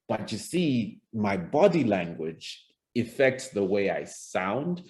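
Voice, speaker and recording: Speaking slowly yet very animatedly, a man with a lowish, darkish voice teaches an online presentation skills lesson over a video call. As a public speaking coach, he talks conversationally, often restarts, and performs example lines.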